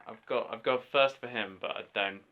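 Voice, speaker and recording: A man's voice: mid-range voice, brisk. A man in his twenties co-hosting a movie podcast in casual chat, making dry, wry remarks. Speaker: podcast co-host. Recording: lo-fi podcast recording with faint noise.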